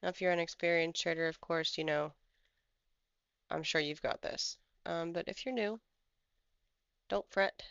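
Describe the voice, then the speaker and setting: A trading streamer chats through charts in a casual live commentary, drifting and thinking aloud. The voice has a gravelly, fry-edged texture. The sound is dry and a little dull, like a lo-fi home mic. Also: medium pitch, fairly even intonation, a little slow, long pauses, fairly bright tone, no echo. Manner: rambling, thinks aloud while scrolling charts. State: has the hiccups.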